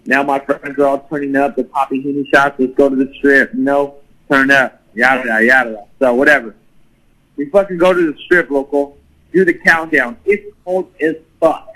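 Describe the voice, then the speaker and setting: A man's voice: mid-range voice, steady tone, moderate pace, bright, forceful tone, poor audio. A man telling a crude, profane party story in casual talk, full of swearing and laughter. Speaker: guest storyteller.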